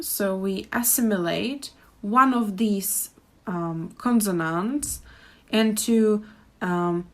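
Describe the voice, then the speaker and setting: A young woman with a Czech accent, teaching pronunciation and repeating words carefully for learners. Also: mid-range voice. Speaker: language teacher. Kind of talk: pronunciation lesson.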